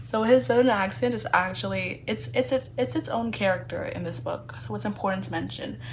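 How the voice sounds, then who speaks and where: Animated, sarcastic young woman reviewing books. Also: medium pitch, brisk, slight background noise. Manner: animated, sarcastic, playfully indignant; chatty with many fillers. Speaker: book reviewer. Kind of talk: casual book review vlog.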